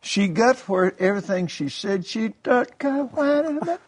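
A man's voice: sits high, lively intonation, normal speed. An older man, a minister co-hosting, telling folksy stories and preaching in casual conversation with laughs and restarts. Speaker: minister co-host.

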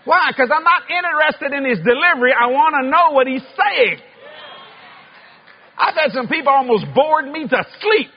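High-voiced preacher, shouting bursts. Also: male voice, normal speed, highs cut off. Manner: animated, loud bursts of shouting, folksy humor. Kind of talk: sermon with comic storytelling.

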